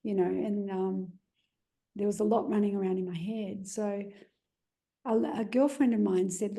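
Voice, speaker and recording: An Australian woman tells a deeply personal story in an earnest, searching way, often pausing on "you know". Her voice is low-toned and mellow with a gravelly edge. She speaks at a middle pitch. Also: fairly even intonation. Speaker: guest telling her story.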